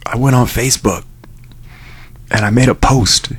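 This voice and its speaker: A man's voice: normal speed, pauses often, a bit bright, slightly rough. A man who works as a radio DJ, speaking from the station studio and telling a personal story candidly, acting out the dialogue in it. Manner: candid storytelling, acts out dialogue with lifted pitch.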